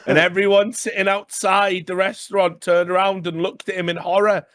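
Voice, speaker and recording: A man's voice: high-pitched, level tone, normal speed, fairly bright tone, dry recording. A man co-hosting a casual podcast, reading news stories aloud and breaking in with chatty asides. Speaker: podcast co-host.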